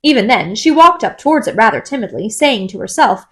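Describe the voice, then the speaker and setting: A woman narrates a classic children's story in a gentle, storytelling manner. Her voice is fairly high and moves through a lively, varied melody. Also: brisk. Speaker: audiobook narrator.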